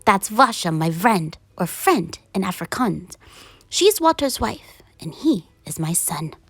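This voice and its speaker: A woman voicing a lonely, kindly old woman who chats gently as she tells her story. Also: mid-range voice, very animated, a little slow, breathy edge, no echo, full character voice. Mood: gentle.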